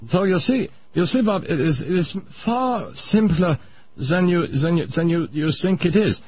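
A man's voice: high voice, lively intonation, measured pace, husky, full character voice. A man voicing a pompous older Viennese psychiatrist in a radio comedy bit, lecturing in a thick mock-German accent. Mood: smug. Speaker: comedy sketch character. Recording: muffled radio broadcast.

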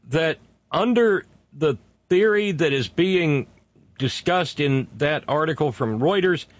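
A man hosting a political commentary monologue, indignant, stretching key words slowly for emphasis. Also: a little high, no room sound. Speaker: host.

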